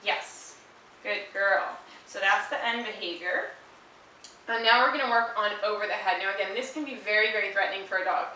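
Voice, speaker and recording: A woman dog trainer explains handling exercises at an even, patient pace, breaking off now and then for quick high-pitched praise to her dog. Her voice is bright and sharp. She sounds distant from the mic in a very reverberant room with a faint hiss underneath. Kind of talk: instructional demonstration.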